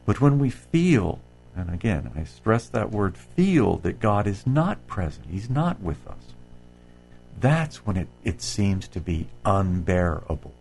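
Gravelly low-voiced man giving a spiritual talk. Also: sing-song, unhurried, a little mellow, a little hiss or hum, poor audio. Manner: reads quotations aloud and comments, with fillers and restarts. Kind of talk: spiritual reflection.

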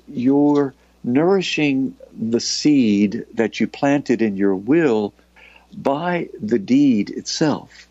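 Male spiritual teacher, middle pitch, gentle and reflective, reading and commenting on a devotional text; dry, dull lo-fi sound. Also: no echo. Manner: gentle, reflective, often adds "you know".

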